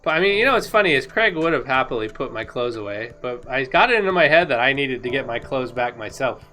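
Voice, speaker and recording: Excitable woman narrating her gameplay. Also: a bass voice, fast. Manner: excitable, laughs often, rambling. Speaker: gaming video creator. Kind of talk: casual commentary over gameplay footage.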